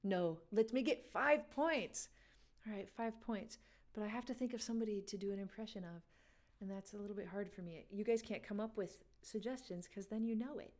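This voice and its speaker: Fairly quick and darkish in tone, a woman's medium-pitched voice hosts a live music quiz game. She chats casually with her viewers, talks to chat and laughs often.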